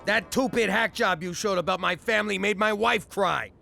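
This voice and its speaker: A man's voice: high-pitched, normal speed, vocal fry, bright, forceful tone, soft background music, full character voice. A man voicing a brash, wisecracking cartoon husband with tough-guy slang. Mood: grumbling. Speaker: tourism official.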